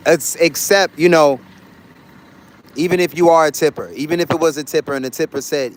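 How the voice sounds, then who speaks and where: A man's voice: fairly high pitch, fairly even intonation, a little fast. Blunt, profane man ranting to his chat. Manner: blunt, profane, repetitive and emphatic. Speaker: livestreaming traveler talking to chat. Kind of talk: casual livestream rant.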